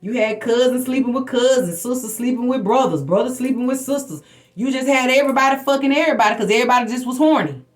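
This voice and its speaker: A woman's voice: fairly high pitch, fast talker. A woman hosting a spiritual livestream, telling personal stories in a blunt, profane, preachy way. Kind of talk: casual spiritual talk to viewers.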